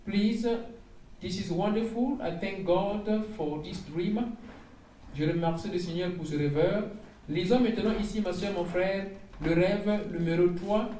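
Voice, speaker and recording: Man preaching about dreams, mellow voice, lots of hallelujahs, echoey room. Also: high voice, normal speed, a little hiss or hum. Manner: exclamatory, repeats phrases, frequent hallelujahs. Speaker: evangelist interpreting dreams. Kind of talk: sermon, reading and interpreting dreams. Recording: echoey room heard from a distance.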